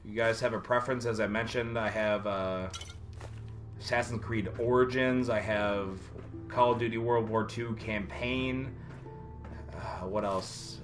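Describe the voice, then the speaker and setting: A man's voice: on the low side, steady tone, measured pace, faint music behind. A man streaming a video game live, chatting casually and rambling with many fillers while answering viewers.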